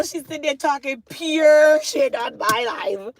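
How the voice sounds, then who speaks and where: Woman vlog host, playful slangy banter, somewhat high voice, light background hiss. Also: lively intonation, a little slow, few pauses. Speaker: hair care channel host. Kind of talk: casual chat to viewers.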